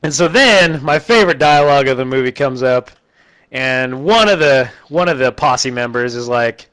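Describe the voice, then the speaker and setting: A man casually recapping a terrible movie for laughs, animated and laughing often as he acts out lines. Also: medium pitch, moderate pace, low-quality recording. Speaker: movie reviewer.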